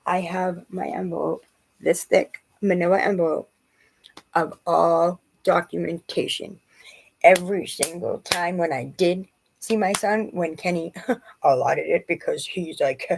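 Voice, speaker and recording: A woman's voice: fairly low pitch, steady tone, measured pace, gravelly, a little mellow, husky, rough recording. A woman who is a mother, rambling and agitated as she tells a personal story in a vlog. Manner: rambling and agitated, quoting others.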